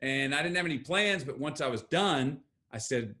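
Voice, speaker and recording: A man with an easy Texan drawl leans into his stories, with his voice pitched right in the middle. He tells them emphatically, slipping into the voices of the people he quotes. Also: lively intonation, moderate pace, few pauses, sharp tone. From Texas. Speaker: guest actor. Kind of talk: animated storytelling interview.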